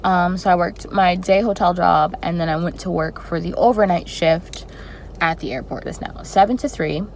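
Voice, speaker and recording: A young woman tells a personal story to her camera in a casual, animated way. Her voice sits a little low for a woman, and she swings into dramatic reactions. A faint background noise runs under the recording. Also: moderate pace, rough recording. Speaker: flight attendant vlogger.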